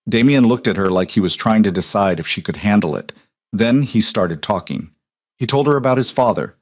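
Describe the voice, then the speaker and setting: Deep calm male audiobook narrator. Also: dry recording, studio quality. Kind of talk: scripted narration.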